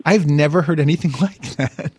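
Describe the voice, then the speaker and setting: A man hosting a podcast, asking questions in an excitable, cheeky way and swearing freely. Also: fairly high pitch, normal speed, husky, no echo. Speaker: podcast host. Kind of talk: casual interview chat.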